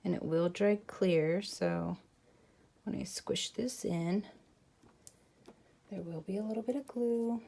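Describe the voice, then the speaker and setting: Woman, craft tutorial host, chatty, low gravelly voice, mellow tone. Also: slow pace, pauses often. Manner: chatty, talks to viewers while working. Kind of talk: casual craft tutorial narration.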